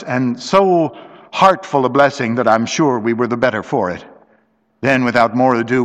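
A man narrating a story aloud in a steady, measured way, recorded with long reverb. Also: medium pitch.

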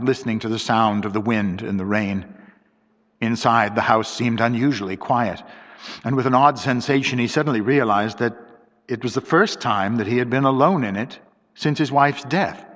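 A man narrating a mystery story in a measured, dramatic way, on a dull lo-fi recording with long reverb. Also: medium pitch, fairly bright tone.

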